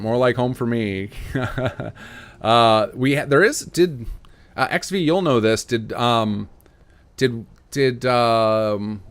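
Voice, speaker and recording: Rambling low-voiced male streamer. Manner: rambling, many fillers and restarts, chuckles often. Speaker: mod developer and streamer. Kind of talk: casual livestream chat answering viewers.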